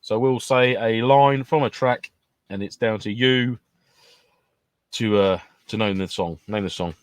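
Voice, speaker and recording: A man's voice: on the low side, unhurried, no echo. A man co-hosting a casual podcast chat, bantering and laughing often. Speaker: podcast co-host.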